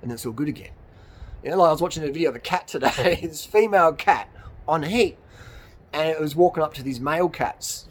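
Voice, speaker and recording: On a cold evening out in the hills, a male YouTuber rants bluntly and at length to motivate viewers, swearing and chuckling at his own jokes. His voice is on the high side and a little fast.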